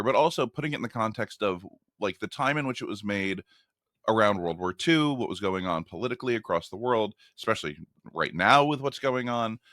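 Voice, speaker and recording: Male guest with a New Jersey accent; lowish, bright voice, dry close sound; rambling, explanatory. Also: no echo. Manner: talkative, explanatory, with many fillers and restarts. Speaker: podcast guest, media critic. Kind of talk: casual conversation.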